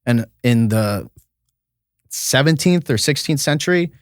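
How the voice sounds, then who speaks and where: A man's voice: mid-range voice, lively intonation, unhurried, no echo, clean studio sound. Rambling young man from Vermont. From Vermont, USA. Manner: rambling, filler-heavy, laughs often. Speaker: comedian guest. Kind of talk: casual podcast chat.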